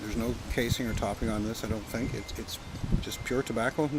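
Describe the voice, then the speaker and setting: A Canadian man with a lowish, steady voice talks a little fast as he chats casually at an outdoor campsite, rambling, joking and swearing now and then. He's a pipe-smoking vlogger doing a relaxed outdoor vlog, and the recording clearly picks up wind and background noise.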